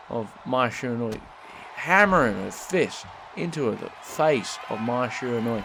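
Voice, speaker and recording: A man commentating a wrestling video game match as its host, putting on an American announcer voice and bursting into excited shouting when the action starts. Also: mid-range voice, a little slow, gravelly, a little hiss or hum.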